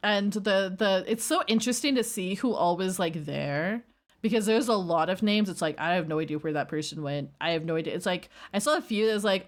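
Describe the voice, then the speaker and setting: A woman's voice: on the low side, brisk. Chatty woman streamer rambling on about whatever, casual livestream talk. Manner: rambling, chatty, reacting to chat.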